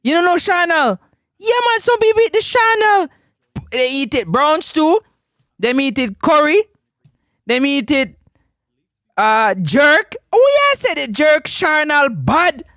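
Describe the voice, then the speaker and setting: A Jamaican man hosting a live sports stream, his voice high and bouncing all over. He teases the chat playfully and laughs often. The sound is dry and close. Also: big pitch swings, measured pace, fairly bright tone, no echo. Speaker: sports talk host.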